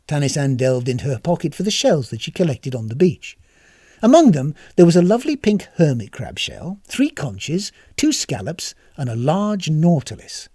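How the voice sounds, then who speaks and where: Brief: expressive storybook reader, very lively pitch, slightly husky, dry close sound. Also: moderate pace, no echo. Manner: wry, expressive. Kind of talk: scripted storybook narration.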